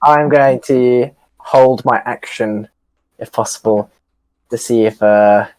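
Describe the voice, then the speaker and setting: A man's voice: medium pitch, takes it slowly, a little mellow, dry recording, rough recording. A man playing a tabletop game, rambling and jokey with many fillers. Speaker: player. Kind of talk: casual tabletop game chat.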